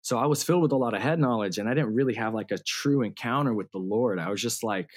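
A man's voice: mid-range voice, quick pace. A man in his thirties telling his story as a guest in a casual interview, laughing often and using slang and fillers. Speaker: guest musician.

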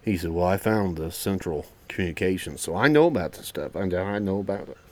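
Low-voiced man telling a wild story. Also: brisk. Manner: profane, animated storyteller. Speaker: podcast host. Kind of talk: casual storytelling chat.

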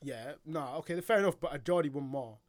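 A man's voice: fairly high pitch, brisk, crowd noise. A young man from England in casual banter with friends, using heavy slang and laughing often.

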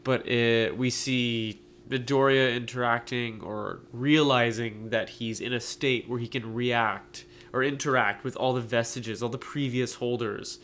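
Congested male co-host, relaxed and laughing, light noise underneath. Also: mid-range voice, unhurried. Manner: relaxed, laughing, says bro. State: stuffed-up nose. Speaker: podcast co-host. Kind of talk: casual chat.

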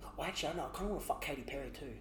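A man's voice: on the high side, racing, a bit bright. Crude, laughing man in an echoey room. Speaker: podcast co-host. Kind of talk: casual chat.

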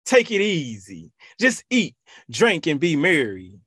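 Emphatic preacher man, lively pitch. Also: slow pace, slightly rough, no room sound, clean studio sound. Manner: emphatic, repetitive preaching with rhetorical questions. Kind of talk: sermon.

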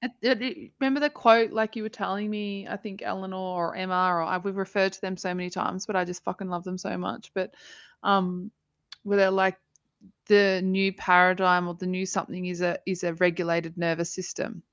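A woman's voice: medium pitch, flat delivery, brisk, no room sound. A woman in her thirties, co-hosting a podcast, talking earnestly and emotionally with many fillers and restarts. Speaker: podcast co-host. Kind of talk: casual heartfelt conversation. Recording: dry, slightly dull audio.

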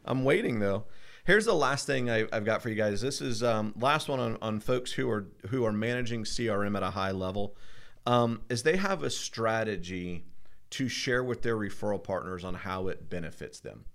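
A man's voice: on the low side, lively intonation, moderate pace, vocal fry, a bit bright. A man co-hosting a casual podcast, explaining points in an upbeat way and often asking "right?". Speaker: podcast co-host.

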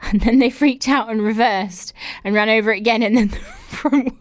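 In a slightly high voice at normal speed, a young woman from England reads out listener stories on her casual podcast and giggles through exaggerated reactions. The recording has no room sound.

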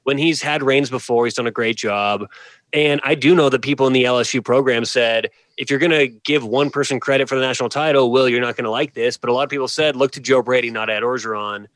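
A man's voice: medium pitch, fast, fairly bright tone, no room sound. A man co-hosting a sports podcast, chatting in an easygoing, agreeable way with some teasing. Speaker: podcast co-host. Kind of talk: casual sports chat.

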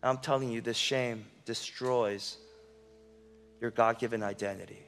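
A male pastor preaching a sermon with passion, swinging from loud emphasis to hushed intensity. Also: medium pitch, fairly even intonation, a little slow, long reverb tail, faint music behind.

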